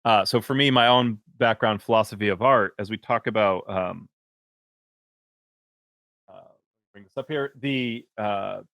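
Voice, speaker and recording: A man's voice: lowish voice, measured pace, gravelly, pauses often, a bit bright, dry recording, clean studio sound. A man hosting a podcast, talking casually and hesitantly with many fillers and restarts. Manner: rambling, hesitant, filler-heavy. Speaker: podcast host.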